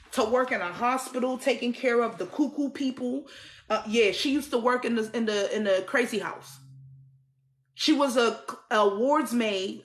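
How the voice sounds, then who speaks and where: A woman's voice: fairly high pitch, echoey room. A woman telling her own life story in an emphatic, repetitive way, often restarting her sentences. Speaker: survivor sharing her story. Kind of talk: personal storytelling.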